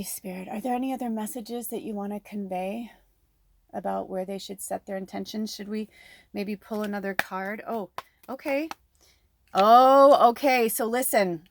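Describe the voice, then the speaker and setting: A woman's voice: medium pitch, no echo. A middle-aged woman giving a chatty pick-a-card tarot reading, talking close to the microphone. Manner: chatty, breathy asides, close to the mic. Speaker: tarot reader.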